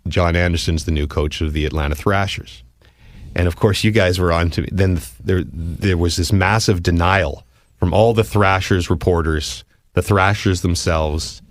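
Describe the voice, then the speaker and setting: A man from Canada hosting a podcast in a studio, telling animated stories and mimicking people. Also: deep voice, no echo. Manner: animated storyteller doing impressions. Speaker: podcast host. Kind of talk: casual podcast chat.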